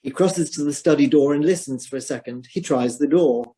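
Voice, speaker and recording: Husky male stage-direction reader. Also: on the high side, fairly quick, dark tone. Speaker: narrator reading stage directions.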